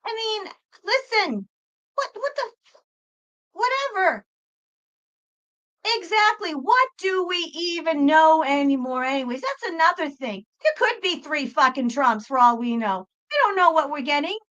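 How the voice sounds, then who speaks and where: Woman host, very high bright voice, ranting at her livestream chat with a lot of swearing. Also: expressive, a little slow, muffled recording. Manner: profane, exasperated ranting; talks back to chat viewers.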